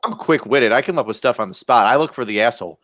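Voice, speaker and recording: A man who is a guest and a former drill sergeant, telling a story in a loud, lively way. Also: mid-range voice, fast talker, dry recording, studio quality. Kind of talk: casual chat.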